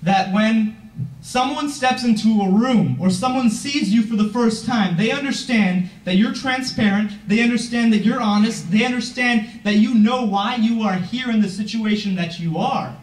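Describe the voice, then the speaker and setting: Teen boy, earnest motivational speaker, high voice, mic far off in a reverberant room. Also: moderate pace. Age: teens. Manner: earnest, emphatic, asks the audience questions. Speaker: youth founder giving a talk. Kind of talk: motivational speech. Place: event room, heard from a distance.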